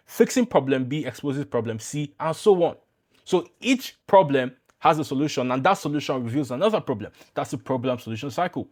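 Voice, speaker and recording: A man talking to camera as a YouTube growth coach in a business explainer, casual and emphatic, with blunt asides. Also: a little high.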